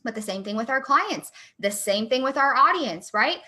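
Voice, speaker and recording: A young adult woman coach talking in a casual, chatty and energetic way, with lots of fillers. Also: fairly high pitch, moderate pace. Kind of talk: casual chat.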